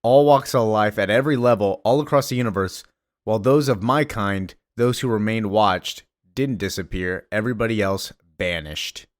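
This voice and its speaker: A solemn cosmic observer reciting a grave account, as a guy reads him out. the voice dips a little lower and quieter than the speaker's normal talk. it is recorded close and dry. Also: normal speed, no echo, natural voice.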